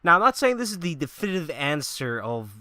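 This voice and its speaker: A man's voice: on the high side, big pitch swings, fairly quick, pushed and bright, no echo, clean studio sound. A man vlogging about gaming news in a casual, profane rant, mocking the people he disagrees with.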